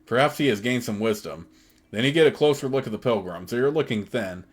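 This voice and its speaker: A man's voice: medium pitch, lively intonation, brisk. A man hosting a let's play, reading the game's text aloud steadily with casual asides.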